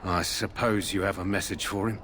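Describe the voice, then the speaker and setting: Brief: talkative loyal soldier, lowish voice, clear hiss behind. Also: male voice, steady tone, brisk, fairly bright tone. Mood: chatty. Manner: gossipy, admiring. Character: chatty loyal male soldier guarding a tent. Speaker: game character, a tent guard.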